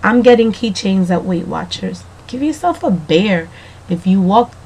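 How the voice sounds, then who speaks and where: A woman keeping a casual video diary, chatty and rambling, talking straight to the viewer, slightly hoarse from allergies. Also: mid-range voice, expressive, unhurried, darkish tone.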